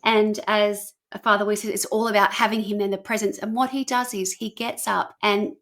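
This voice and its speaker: A woman co-hosting a podcast, earnestly retelling a documentary in casual chat, speeding up for asides and slowing down for emphasis. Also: medium pitch, fairly even intonation, a bit bright. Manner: earnest, shifting between quick asides and slow emphasis. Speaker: podcast co-host.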